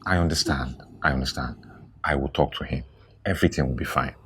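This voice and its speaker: A man's voice: rumbling low, fairly quick, a bit bright, slightly rough, full character voice. An actor with a Nigerian accent playing a caring young man who pleads with and soothes a friend, repeating his words. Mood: soothing.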